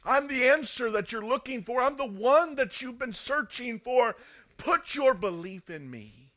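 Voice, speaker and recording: A man's voice: very high-pitched, animated, a little slow, sharp tone, voice pushed up, heavily acted. A man preaching speaks as Jesus, with earnest, inviting appeals to trust him.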